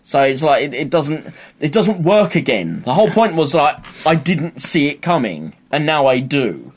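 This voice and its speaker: A young man in casual chat, animated and rambling, often laughing as he talks. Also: a little high, normal speed.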